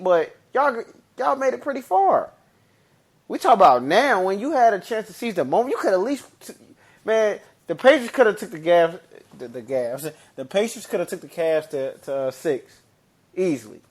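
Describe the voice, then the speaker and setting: A fairly high-voiced man talks sports on a podcast, getting animated as he makes his point. He repeats words and restarts sentences in loose, slangy talk. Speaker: podcast co-host. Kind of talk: casual sports chat.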